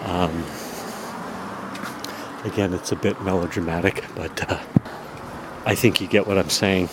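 A podcast host speaks in a low-pitched, steady tone, a little slowly, with background noise around him outdoors in a town. In a casual personal monologue, he rambles about himself with many fillers and self-deprecating asides.

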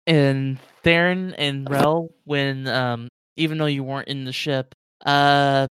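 Smooth-voiced man running a tabletop game. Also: medium pitch, fairly even intonation, slow pace, a bit bright, no echo. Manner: casual, many fillers, playful. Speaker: game master.

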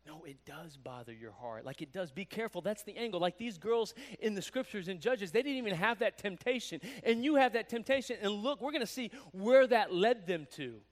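A man preaching a sermon in a conversational, animated way, acting out quoted voices as he goes. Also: high-pitched, brisk, few pauses. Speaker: pastor.

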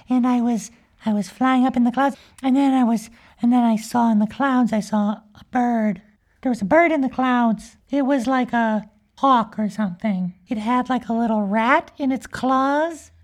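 Woman playing a high, giggly little unicorn girl for a comedy podcast, rambling and mischievous. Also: normal speed, lightly acted. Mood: chatty. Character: cheerful young magical unicorn girl, mischievous. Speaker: podcast character. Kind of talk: improvised comic storytelling.

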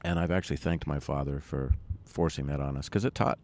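A man's voice: very deep voice, fairly even intonation, fairly quick, a little mellow, slight background noise. A man being interviewed as a musician, talking casually and rambling with many restarts. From United States. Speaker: musician guest. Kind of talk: conversational interview.

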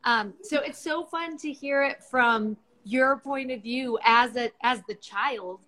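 A woman's voice: high-pitched, takes it slowly. A woman co-hosting a casual faith discussion, affirming and responsive, a mother. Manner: affirming, warm listener. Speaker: podcast co-host.

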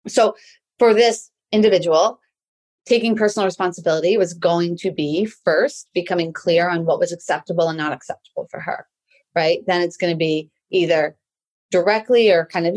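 Woman w a lowish voice doing a chatty coaching talk, keeps saying right?. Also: darkish tone. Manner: conversational, tags many sentences with "right?". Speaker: life coach. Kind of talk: solo motivational talk.

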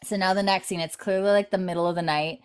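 A woman's voice: on the low side, fast talker, clean tone. A woman co-hosting a casual chat, animatedly retelling a TV scene with many fillers. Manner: animated storytelling, many "like" fillers, laughs often. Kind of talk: casual chat, recapping a TV episode.

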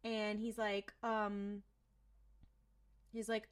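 A woman co-hosting a podcast, recapping an episode in casual chat, animated and sweary. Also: on the high side, moderate pace. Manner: animated retelling, swearing, many fillers. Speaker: podcast co-host.

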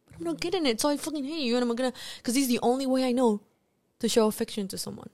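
This is a woman, chatting candidly as a guest on a podcast. Her voice sits a little on the high side, and she speaks in an animated, open way. She often restarts a sentence midway to find the right words. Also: rapid-fire. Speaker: actress guest. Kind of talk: casual podcast interview.

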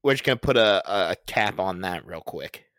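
A young man co-hosting a casual podcast, chatty and animated, swearing casually while telling stories. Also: sits low, a little fast, no room sound, clean studio sound. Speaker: podcast co-host.

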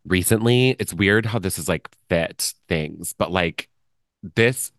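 A man in casual conversation, musing in a relaxed way and trailing off as he thinks aloud. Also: deep voice, takes it slowly, no echo.

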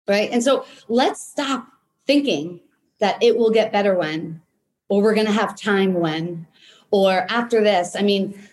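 A woman in her thirties, a business coach, leads a live online workshop in a casual, energetic way, often checking in with "right?". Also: medium pitch. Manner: energetic, repeats points with "right?"; casual, occasional swearing.

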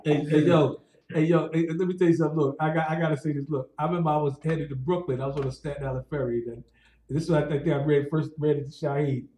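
A man telling lively stories in casual chat, laughing and repeating his words. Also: fairly high pitch, quick pace. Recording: echoey room.

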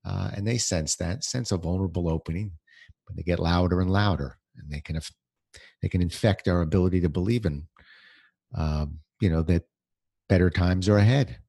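Gravelly deep-voiced man giving a pep talk. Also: moderate pace, mellow, dry recording, clean studio sound. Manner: conversational, plenty of fillers and restarts. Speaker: podcast host. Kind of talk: solo motivational talk. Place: home.

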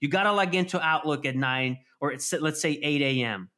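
A man chatting casually on a podcast, animated and swearing constantly as he acts out scenes. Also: fairly high pitch, a little fast. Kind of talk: casual profane chat.

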